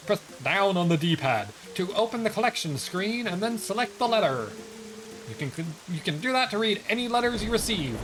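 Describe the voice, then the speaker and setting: A man's voice: high-pitched, noisy background, pitched above the performer's own voice. A man voicing a cheerful, formal male letter carrier in a video game, with a polite, pompous manner. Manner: polite, pompous self-introduction.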